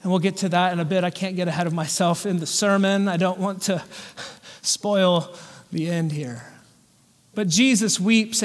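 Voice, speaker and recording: A man preaching a sermon as pastor, earnest and slowing down on quoted scripture. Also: high voice. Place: church sanctuary. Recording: long church reverb.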